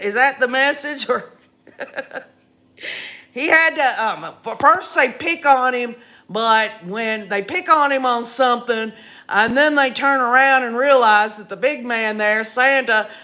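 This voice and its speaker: An older woman with a raspy voice, hosting a casual live stream in a folksy, chatty way and reading viewer comments aloud. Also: on the high side, pushed and bright. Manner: slow, folksy and chatty, laughing often.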